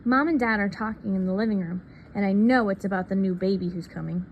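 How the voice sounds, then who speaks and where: Woman reader, picture-book read-aloud, soft and unhurried, faint background hiss. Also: mid-range voice, lo-fi sound.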